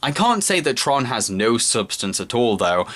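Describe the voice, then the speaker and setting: Guy doing a scripted movie review voice-over, earnest and measured, normal pitch. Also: very animated, a bit bright. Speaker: film reviewer. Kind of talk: scripted narration.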